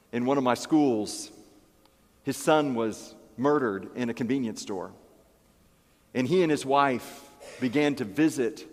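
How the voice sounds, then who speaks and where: A man's voice: mid-range voice, long reverb tail. A man preaching a sermon as pastor, emphatic and fond of repeating key phrases. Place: church.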